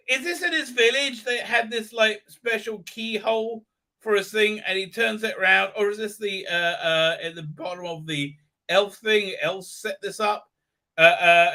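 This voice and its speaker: A man hosting a live stream rants in a sarcastic, crude way and keeps stalling with filler sounds. His voice sits a little high and sounds very bright and tense. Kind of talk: ranting pop-culture commentary.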